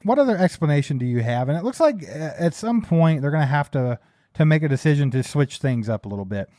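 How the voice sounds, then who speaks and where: A man co-hosting a casual sports talk show, talking in a relaxed but frustrated way and laughing along. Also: on the high side, fast talker, dry recording, studio quality. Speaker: podcast co-host.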